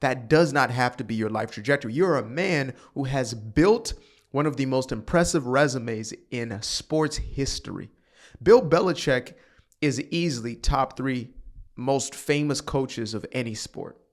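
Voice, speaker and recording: A man's voice: mid-range voice, a little slow. A man hosting a casual reaction commentary, talking straight to his viewers with sighs and sudden bursts. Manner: animated, sighing, talks to viewers directly. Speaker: commentary channel host.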